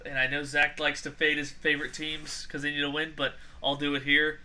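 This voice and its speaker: A man hosting a casual sports betting podcast, moving quickly through the picks and calling on his co-hosts. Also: a little high, completely flat delivery, pushed and bright. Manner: quick, runs the segment order. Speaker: podcast host.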